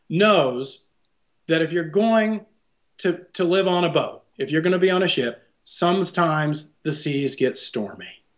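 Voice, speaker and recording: In an interview, a male psychologist guest lays out his ideas thoughtfully, frequently checking in with tag questions. His voice is fairly high-pitched and a little bright.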